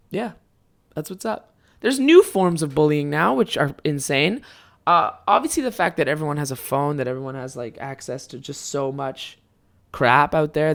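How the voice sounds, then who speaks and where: A young man in his twenties hosting a podcast, telling stories in a rambling, casual way, swearing often and bursting into loud animated moments. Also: on the high side. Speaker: podcast host. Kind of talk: casual solo podcast storytelling.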